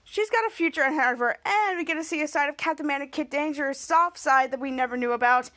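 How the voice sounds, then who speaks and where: A woman hosting a podcast, recapping a TV episode in an excitable, rambling way. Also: high-pitched, fast talker. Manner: excitable and rambling, with many restarts. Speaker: podcast host.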